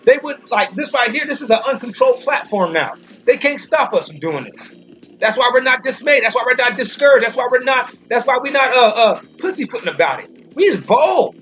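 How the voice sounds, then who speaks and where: A man giving an informal Bible commentary, speaking emphatically, repeating and restarting phrases, and slowing down when he reads verses. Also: very high-pitched, very animated, a bit bright. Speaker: Bible teacher. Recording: dull lo-fi recording with faint music.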